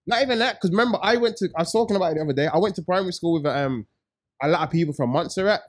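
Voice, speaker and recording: A man with a high voice, riffing through jokes and stories in casual podcast talk. His speech is full of street slang. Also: racing. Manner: joking, slangy, storytelling. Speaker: podcast co-host.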